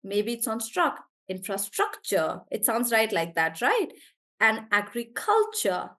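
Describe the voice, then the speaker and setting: A woman teaching an online English class, sounding out words slowly to show syllable stress and correcting herself as she goes. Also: a little high. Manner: animated, drawn-out demonstration of syllable stress, self-correcting.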